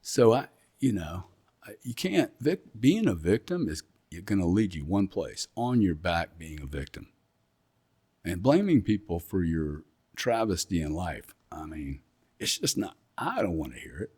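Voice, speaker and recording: A man's voice: sits low, big pitch swings, unhurried, darkish tone, slightly rough. A middle-aged man with an English accent, a guest in an interview, talking bluntly and emphatically and often repeating himself. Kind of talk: casual interview talk.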